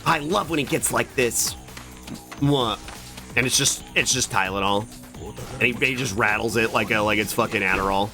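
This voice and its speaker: A man's voice: on the low side, moderate pace. A man streaming a video game, joking around crudely and swearing as he plays. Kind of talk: casual gameplay commentary. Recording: game music behind the voice. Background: game music.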